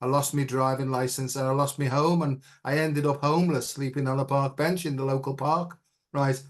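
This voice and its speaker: A man's voice: mid-range voice, steady tone, moderate pace. A middle-aged man as an interview guest, telling a personal story in an earnest, reflective way and often checking in with "right?".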